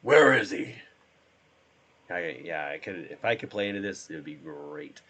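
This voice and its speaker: A hoarse man, sick, chatting casually and rambling as he streams himself playing a drone simulator. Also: very deep voice, a little fast, a bit bright. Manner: rambling, trails off.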